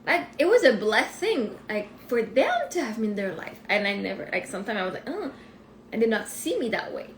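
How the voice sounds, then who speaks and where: A woman with a Québécois French accent, talking through a live podcast monologue, animated, laughing often and swearing freely. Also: on the high side, a little fast. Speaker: life coach podcast host. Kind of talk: live-streamed personal monologue. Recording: echoey room with faint ambient noise.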